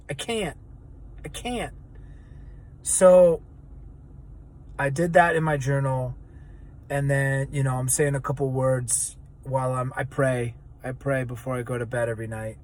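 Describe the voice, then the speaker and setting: A man's voice: medium pitch, fairly even intonation, measured pace, pauses often. A man vlogging in an earnest, searching way, with many fillers as he reflects. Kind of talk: reflective personal vlog.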